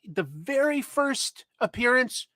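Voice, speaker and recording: Give me a male comics show host who rambles casually and pokes fun at himself. His voice is high and bright, and it is recorded close and dry. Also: big pitch swings, takes it slowly, no echo. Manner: rambling, chatty, self-deprecating. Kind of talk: casual live-stream chat.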